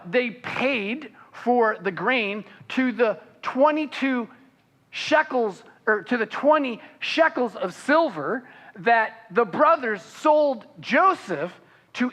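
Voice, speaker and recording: A pastor preaching a sermon, reading scripture aloud and then explaining it, with frequent fillers and restarts. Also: male voice, slow pace, big-room sound. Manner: animated, voicing the characters' protests with rising pitch.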